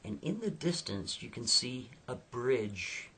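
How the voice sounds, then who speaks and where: A man's voice: mid-range voice, sing-song, slow pace, bright, forceful tone, slight background noise. A man telling a spooky story in a chatty, casual way, checking in with the listener. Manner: chatty, asks listeners "right?".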